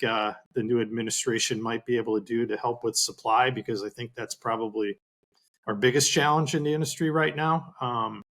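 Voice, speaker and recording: A man's voice: mid-range voice, a bit bright. A man co-hosting a podcast, posing an easygoing, lightly joking question to a guest. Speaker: podcast co-host.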